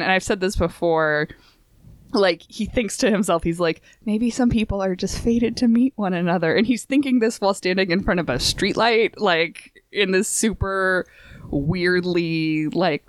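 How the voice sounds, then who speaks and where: A woman chatting casually about anime, retelling scenes in an animated way and acting out the quotes. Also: lowish voice, clear, resonant tone, dry recording, studio quality. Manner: animated retelling, acts out quotes, many fillers.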